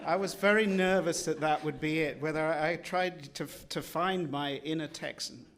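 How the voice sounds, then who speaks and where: Animated English man with a higher voice. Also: normal speed, background noise. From England. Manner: self-deprecating, animated, laughing, excitable. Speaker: illustrator. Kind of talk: conversational book talk. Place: event hall with an audience.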